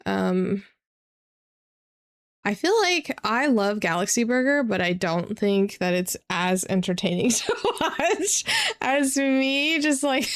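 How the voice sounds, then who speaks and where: Tired young female streamer, creaky fry, loose rambling delivery. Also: medium pitch. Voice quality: vocal fry. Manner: rambling, many fillers. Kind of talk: casual chat.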